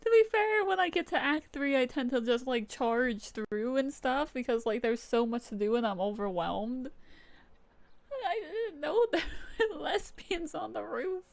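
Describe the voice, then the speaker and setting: A woman's voice: high voice, lively intonation, measured pace, vocal fry, no room sound. A woman streaming a video game live, reacting with gushing, giggly, emotional commentary. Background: game music.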